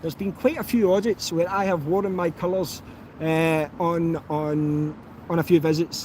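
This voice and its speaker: A man's voice: high-pitched, normal speed, dark tone, a little hiss or hum. Chatty Scottish man streaming live outdoors. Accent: Scottish, softened. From Scotland. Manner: chatty, rambling, with many fillers and restarts. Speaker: YouTube auditor answering live chat. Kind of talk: casual live-stream chat.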